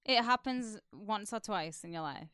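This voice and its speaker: A woman co-hosting a podcast in casual chat, bawdy and quick to laugh. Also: medium pitch, animated, pushed and bright, smooth, no room sound, clean studio sound. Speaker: podcast co-host.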